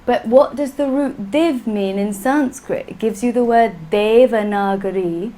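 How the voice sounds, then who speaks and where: A woman's voice: fairly high pitch, moderate pace, few pauses, dark tone, low-quality recording. A woman teaching a class, patient and playful, often laughing. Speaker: Sanskrit teacher. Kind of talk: classroom lesson.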